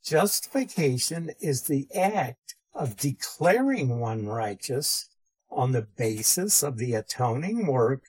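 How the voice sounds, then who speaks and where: A man lectures on theology as a Bible teacher, defining each term with care and repeating the key phrases. His voice is husky and a little breathy. He speaks slowly and deliberately. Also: mid-range voice, darkish tone, low-quality recording.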